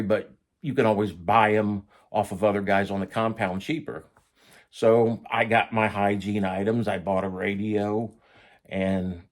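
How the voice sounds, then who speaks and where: Guy with a lowish voice, casual blunt storytelling, swears a lot. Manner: blunt, profane, conversational. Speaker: former prisoner telling his story.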